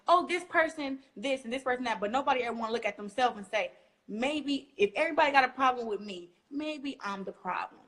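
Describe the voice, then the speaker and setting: A young woman from Flint, Michigan, talking casually as an interview guest, animated and acting out quotes as she tells stories. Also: on the high side. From Flint, Michigan, USA. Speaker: guest boxer.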